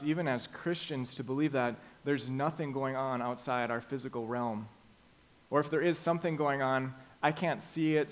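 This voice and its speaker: A man preaching a sermon as pastor, emphatic and slowing down to stress the key phrases. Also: medium pitch.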